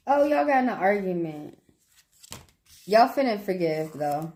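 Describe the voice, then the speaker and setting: Lively slangy woman tarot streamer. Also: mid-range voice, a little slow. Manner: laughs a lot while telling stories, loose slangy talk; reads out viewers' questions and answers them. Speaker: tarot reader. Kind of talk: casual livestream chat.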